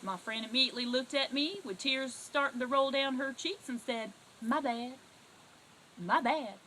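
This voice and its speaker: A middle-aged woman with a Southern US accent, hosting a comedic talk show monologue in a folksy, animated storytelling manner. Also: sits high, a little fast, a little hiss or hum, low-quality recording. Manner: folksy, animated storytelling with sudden loud outbursts.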